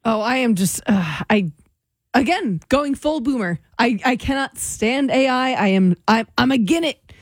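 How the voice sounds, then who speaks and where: A woman's voice: a little high, lively intonation, no echo. A woman co-hosting a radio talk show in a studio, candid and opinionated as she takes callers. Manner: candid, opinionated, quick to laugh. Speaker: radio co-host.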